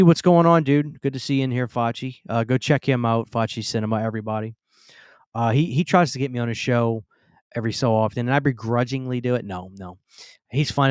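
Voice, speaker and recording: A man from the Southern US runs a casual live Q&A stream, chatty and stammering as he reads viewer comments aloud and restarts his sentences. He speaks at a medium pitch, recorded on a close studio mic with clean, echo-free sound.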